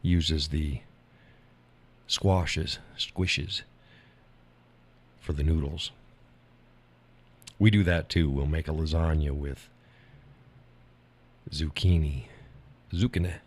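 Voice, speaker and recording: Deep-voiced folksy man. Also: steady tone, slow pace, long pauses, darkish tone, slightly rough. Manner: folksy, drawling, laughs often. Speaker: live stream host. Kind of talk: casual chat with viewers.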